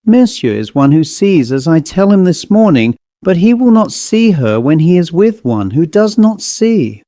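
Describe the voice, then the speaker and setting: A man's voice: sits high, very animated, measured pace, warm tone, no echo, clean studio sound, pitched above the performer's own voice. A man voicing a grave, insistent head waiter with a French accent. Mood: earnest.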